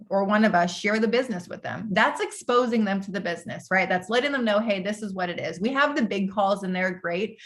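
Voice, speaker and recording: A woman coaching new recruits over a video call, her voice pitched right in the middle for a woman. She keeps it casual and upbeat, laughing often and filling her sentences with "like." It sounds like a motivational training session. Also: fairly bright tone.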